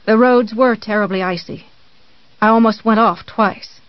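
A reader voicing a pious, menacing middle-aged woman who speaks slowly and sweetly, in a dull, dry audiobook recording. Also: mid-range voice, dry recording, lightly acted. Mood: calm, pious.

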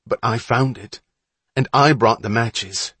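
A man's voice: medium pitch, a little slow, a bit bright, slightly rough, no room sound. A man reading an audiobook, voicing an eager, bossy young boy who gives orders and scoffs at his brother's fears. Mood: teasing. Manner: eager, commanding, scornful.

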